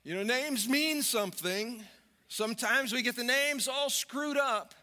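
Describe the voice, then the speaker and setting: Man preaching, folksy storyteller, high bright voice, echoey church hall. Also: measured pace. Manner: folksy storytelling, animated when acting out characters. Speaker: pastor. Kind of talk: sermon.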